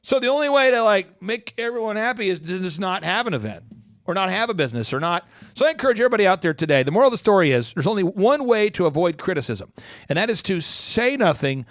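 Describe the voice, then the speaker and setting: Man, high-pitched, motivational podcast host, quick energetic delivery, dry studio sound. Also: no echo. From Oklahoma. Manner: fast-talking, animated, slips into voice imitations.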